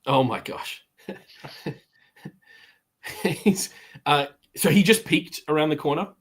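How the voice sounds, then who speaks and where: Slow-talking man who laughs often. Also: fairly high pitch, husky. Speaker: player. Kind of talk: casual tabletop game play.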